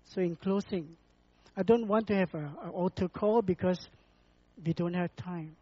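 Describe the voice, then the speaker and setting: A preacher delivering a sermon and closing prayer in an earnest, deliberate way, repeating phrases for emphasis, on a dull lo-fi recording. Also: mid-range voice, dry recording.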